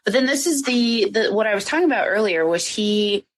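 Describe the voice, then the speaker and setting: A woman's voice: mid-range voice, animated, brisk. A woman podcast host chatting casually on a live stream, full of "like" and "um". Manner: chatty, lots of "like" and "um". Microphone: home microphone for a live stream.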